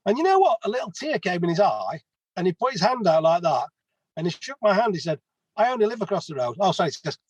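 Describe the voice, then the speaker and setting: A man, sitting in as a guest and telling stories in a chatty, rambling way full of restarts. His voice sits a touch high for a man. The sound is dry and close. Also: sing-song, quick pace, husky, dry recording, low-quality recording. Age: 50s. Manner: chatty storyteller, many restarts. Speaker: guest, plumber. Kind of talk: casual podcast interview.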